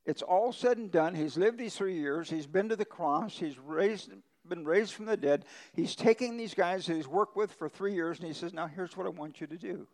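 A pastor delivers a conversational sermon, leaning on homespun ranch stories. His voice sits a little high for a man and carries a gravelly edge. He jumps up in pitch to stress a point, then drops low and quiet. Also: moderate pace, few pauses, rough recording. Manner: conversational preaching with folksy ranch stories, emphatic pitch swings.

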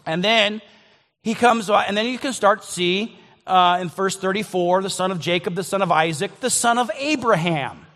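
A man's voice: high voice, moderate pace, sharp tone, in a large hall. A man preaching a sermon in a conversational way, often restarting and repeating words as he thinks aloud. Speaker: pastor.

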